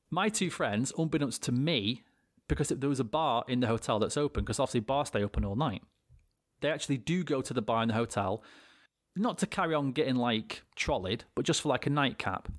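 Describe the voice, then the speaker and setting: A man's voice: mid-range voice, lively intonation, a little fast, dry recording, studio quality. A young British man, a podcast co-host, telling a rambling anecdote with plenty of swearing and restarts. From Britain. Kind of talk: casual storytelling chat.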